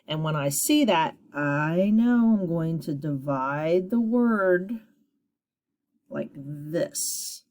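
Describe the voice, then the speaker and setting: A woman teacher giving a phonics lesson to children, sounding out syllables slowly and encouragingly. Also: low-pitched, expressive, a little mellow.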